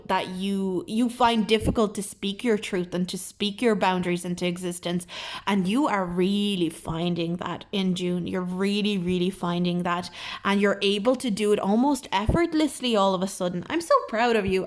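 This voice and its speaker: A young woman reads tarot cards for her viewers in a warm, encouraging, gushing way. She speaks at a middle pitch and fills her talk with "um" and "like". She sounds soft and sincere throughout. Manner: gentle, encouraging, effusive, with many fillers. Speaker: tarot card reader. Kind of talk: pick-a-card tarot reading.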